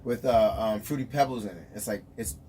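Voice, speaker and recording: A man's voice: lowish voice, brisk, slight background noise. A man telling a story in casual chat, acting out quotes and laughing often. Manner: animated storyteller, acts out quotes, laughs a lot.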